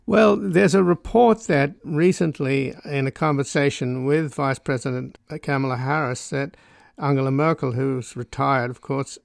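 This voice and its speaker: A man's voice: mid-range voice, fairly even intonation, moderate pace, gravelly, no echo, studio quality. A man hosting a radio interview, asking long, probing questions. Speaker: radio host.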